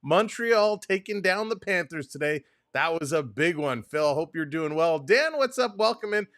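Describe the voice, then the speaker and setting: A man's voice: fairly high pitch, lively intonation, moderate pace, fairly bright tone, dry recording, studio quality. A man hosting a live hockey watch-along stream, greeting chat viewers by name in an upbeat, casual way. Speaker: sports stream host.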